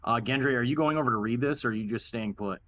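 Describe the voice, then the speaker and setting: A man running a tabletop game as dungeon master, speaking at an everyday pitch. He narrates in a relaxed, halting way, often restarting a phrase. The sound is dull and lo-fi.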